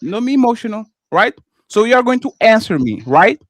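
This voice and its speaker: A man's voice: high-pitched, very animated, brisk, no room sound, clean studio sound. A man with non-native English, co-hosting a live panel and arguing hard, cutting in again and again. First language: not English. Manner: combative, repeats "sir" and "stop being emotional" to cut in. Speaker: co-host. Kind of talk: heated live panel argument.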